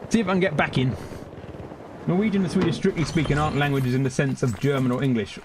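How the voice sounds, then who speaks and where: A man's voice: on the high side, fast, noisy background. A man streaming a game, chatting casually and rambling, swearing freely, laughing often and yelping when the action heats up. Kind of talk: casual chat while gaming.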